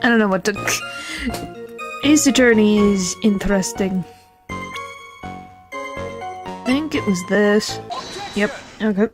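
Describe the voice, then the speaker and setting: A woman's voice: mid-range voice, slow pace, pauses often, over music. A woman streaming a game, chatting casually and playfully to her viewers. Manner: chatty, playful, talks to herself. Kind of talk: casual chat.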